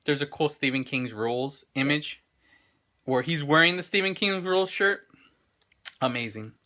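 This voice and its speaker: A man's voice: fairly high pitch, normal speed, sharp tone. A man in his thirties hosting a casual vlog chat, rambling and enthusiastic with lots of restarts, recorded on a handheld camera in an indoor gallery. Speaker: show host.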